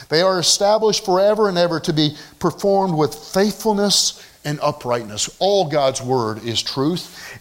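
A man preaching a sermon, emphatic and repetitive, swinging from raised declarations to hushed, soft lines. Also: mid-range voice. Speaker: pastor.

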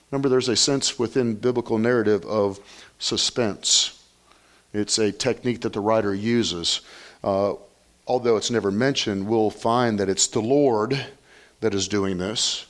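A man, a pastor, preaching an earnest sermon, praying and then reading scripture aloud with animated storytelling. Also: on the low side, a little slow, pauses often.

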